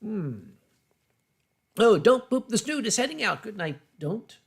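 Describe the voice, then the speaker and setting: A man hosting a casual drinking livestream talks bluntly and brashly. His voice sits fairly high and swings widely in pitch. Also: very animated, a little slow, creaky, breathy edge. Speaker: livestream host. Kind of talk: casual drinking-stream chat.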